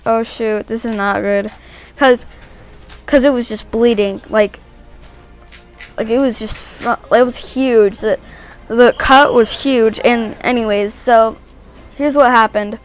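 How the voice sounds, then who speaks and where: A young woman with a slightly high, smooth voice tells a story from her own life in a loose, rambling way. She restarts her sentences and fills the gaps with "um" and "like". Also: fairly even intonation, slow pace, long pauses, faint music behind, low-quality recording. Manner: rambling, many restarts and fillers. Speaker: vlogger. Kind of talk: casual storytelling.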